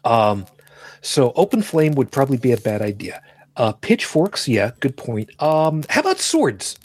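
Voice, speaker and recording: A man's voice: medium pitch, very animated, measured pace, a little mellow, breathy edge, dry recording. A man co-hosting a casual talk show, rambling, joking and correcting himself as he goes. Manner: rambling, self-correcting, jokey. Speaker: podcast co-host. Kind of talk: casual chat.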